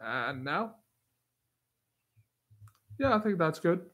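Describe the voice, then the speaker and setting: Guy doing a chill livestream hangout, bit higher voice, laughs at his own answers, reads chat out loud. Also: big pitch swings, takes it slowly. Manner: reads chat questions aloud, chuckles, easygoing and self-deprecating. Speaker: livestream host. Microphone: new desktop microphone.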